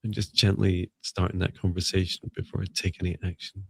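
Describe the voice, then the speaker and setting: Low gravelly man guiding a healing. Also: level tone, no echo. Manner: soft, slow, meditative guiding with pauses. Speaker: psychic healer. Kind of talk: guided energy healing in a live session.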